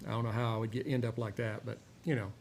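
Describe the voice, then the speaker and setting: A gravelly-voiced man chats casually while he reviews a cigar. He drawls and rambles, filling pauses with "uh." Faint noise hums under his voice. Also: mid-range voice. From Texas. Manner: rambling, relaxed, many "uh" fillers. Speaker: host of a cigar and whiskey review show.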